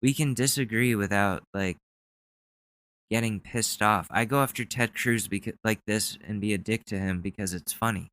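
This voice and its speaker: A man's voice: fairly low pitch, moderate pace, fairly bright tone, no echo. A young man hosting a podcast, rambling in casual, sarcastic commentary with plenty of swearing. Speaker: podcast host.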